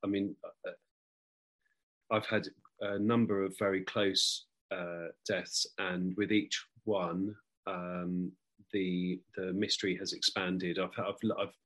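A man's voice: low voice, flat delivery, slow pace, fairly bright tone. A man, a podcast guest speaking reflectively and hesitantly in a casual chat. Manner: reflective, hesitant, many restarts. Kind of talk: casual conversation.

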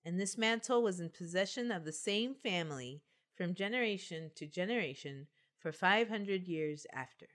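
A woman's voice: fairly low pitch, expressive, moderate pace, fairly bright tone. Woman reading folklore on a podcast. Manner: playful, laughs often. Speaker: podcast host. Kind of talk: reading folklore aloud in casual chat.

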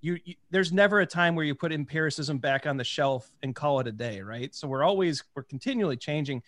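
A man's voice: a little high, fairly quick, a bit bright, dry recording. Enthusiastic man host, dry close sound. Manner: rambling, many restarts, enthusiastic. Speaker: podcast host. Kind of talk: casual interview.

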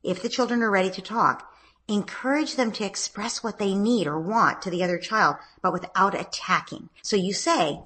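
Woman, parenting expert guest, calm and explanatory, a little husky. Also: medium pitch, normal speed. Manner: calm, explanatory, acts out gentle parent dialogue. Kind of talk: conversational advice in podcast interview. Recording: podcast interview.

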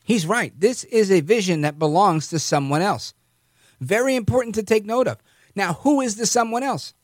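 A man's voice: sits high, animated, moderate pace, no echo, studio quality. A man hosting a political commentary monologue, sarcastic and mocking in a conversational way. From New York. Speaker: host.

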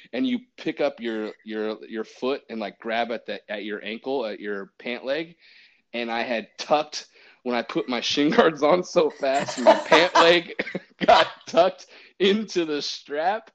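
Storytelling umpire man, dull audio. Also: mid-range voice. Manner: animated, acts out quotes, many restarts. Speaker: baseball umpire. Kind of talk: casual storytelling.

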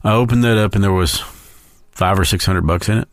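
A man hosting a podcast, telling a slow, heartfelt personal story in a storytelling tribute. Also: deep voice, no room sound, clean studio sound. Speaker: podcast host.

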